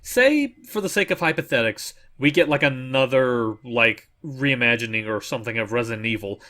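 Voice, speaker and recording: A man's voice: medium pitch, lively intonation, bright, forceful tone. A man chatting on a game commentary, hesitant, restarting his sentences and trailing off. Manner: halting, restarts and trails off with fillers. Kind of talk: casual game commentary chat.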